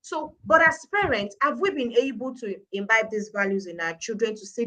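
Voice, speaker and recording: A middle-aged woman with a Nigerian accent appears as a guest on a live-stream talk show about parenting. Her fairly high, somewhat bright voice moves at a moderate pace, and she speaks emphatically, repeating points for stress. The audio quality is poor.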